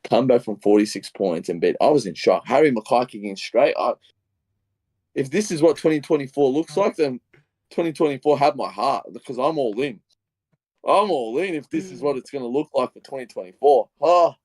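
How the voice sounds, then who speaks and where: A young Australian man with an Australian accent, co-hosting a casual football podcast and telling a long, excitable story full of re-enacted quotes. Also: mid-range voice, normal speed, no echo. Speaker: podcast co-host. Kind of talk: casual footy podcast chat.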